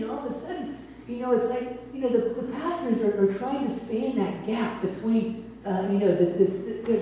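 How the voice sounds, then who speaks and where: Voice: mid-range voice, mellow, slight background noise. A preacher giving an informal sermon who tells stories and acts out the characters in them. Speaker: preacher teaching on spiritual gifts. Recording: echoey hall, distant mic.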